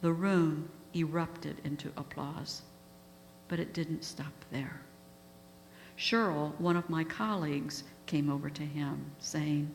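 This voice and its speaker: Woman guest speaker, low voice, earnest storyteller, hall reverb. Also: fairly even intonation, slow pace. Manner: earnest, emotional retelling. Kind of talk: storytelling talk. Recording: echoey hall with faint hum.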